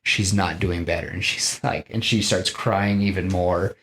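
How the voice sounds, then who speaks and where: Low-voiced man rambling through a pitch. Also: a little slow, a little hiss or hum. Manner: animated, rambling storytelling with many fillers. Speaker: podcast host. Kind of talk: casual podcast pitch.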